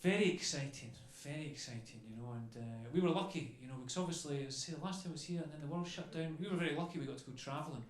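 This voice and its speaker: A young man doing stand-up comedy, telling stories in a chatty, animated way and swearing freely. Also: on the high side, rapid-fire, few pauses. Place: comedy club stage before a crowd. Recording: echoey club with crowd laughter.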